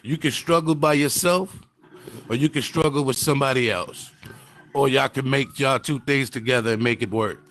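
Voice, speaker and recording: A man's voice: medium pitch, normal speed, fairly bright tone. A man in a casual group discussion, rambling and losing his train of thought. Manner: rambling, loses thread.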